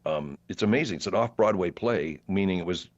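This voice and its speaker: Rambling low-voiced man telling theater stories. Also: a little fast, lo-fi sound. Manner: rambling, animated anecdotes with many fillers and restarts. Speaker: podcast guest, actor. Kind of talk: casual interview storytelling.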